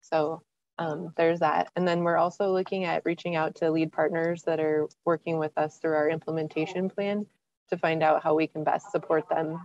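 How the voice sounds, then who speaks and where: A woman's voice: low voice, darkish tone. A woman nonprofit staff member giving a hesitant meeting update, with many fillers, over a video call. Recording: dull lo-fi call audio.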